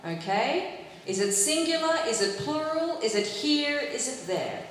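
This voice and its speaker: A rather high-pitched woman speaks as an English teacher, laying out exam advice in a clear, instructive way and checking in with her listeners. Her voice rings out in a large, echoey hall with a long reverb and a faint noise behind it. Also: sing-song, unhurried. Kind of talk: giving exam advice to students.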